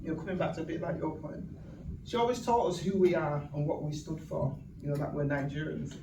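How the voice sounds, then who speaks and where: A northern English woman in her sixties, a guest speaker, delivers an animated, funny storytelling speech in an event venue room, acting out quoted voices. Her voice sits low and moves a little fast, captured by a distant mic in an echoey room with audience noise.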